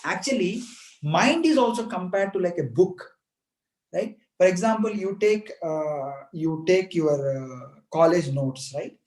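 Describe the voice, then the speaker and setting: A man's voice: high-pitched, animated, a little slow, darkish tone. A man giving an earnest motivational talk to students, repeating points and asking rhetorical questions. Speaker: motivational speaker. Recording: echoey room.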